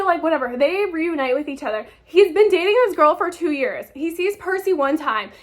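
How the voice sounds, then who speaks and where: Exasperated high-voiced woman ranting about a book. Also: animated, fairly quick, few pauses. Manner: exasperated, heated, swears freely. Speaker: book vlogger. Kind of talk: casual ranting book review.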